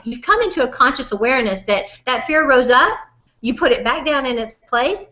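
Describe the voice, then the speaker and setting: Southern woman business coach, bright, forceful and folksy, on a dull lo-fi webinar recording. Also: sits high. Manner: animated, folksy and direct, calls listener "honey". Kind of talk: motivational webinar talk.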